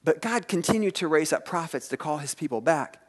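A man preaching a sermon, retelling scripture stories in a lively way and asking his listeners questions. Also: on the high side, a little fast, breathy edge. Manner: animated storytelling preacher, asks the audience questions. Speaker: pastor.

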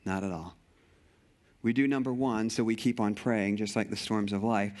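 A man's voice: on the low side, fairly even intonation, normal speed, darkish tone. A middle-aged male pastor preaching a sermon with passion, repeating phrases and often restarting sentences.

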